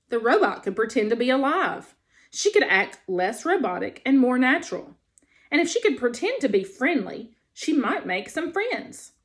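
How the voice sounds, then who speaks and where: Expressive woman reading a storybook aloud. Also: on the high side.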